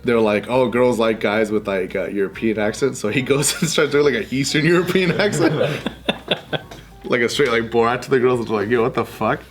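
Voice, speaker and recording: A man's voice: mid-range voice, a little fast, music in the background. A man chatting in an easygoing way as a panelist in a casual group chat.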